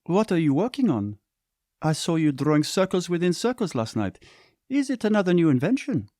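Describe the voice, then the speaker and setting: A man voicing an earnest, determined young woman diplomat with gentle, curious questions in a story reading. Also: high-pitched, very animated, normal speed, no room sound, studio quality, pitched above the performer's own voice.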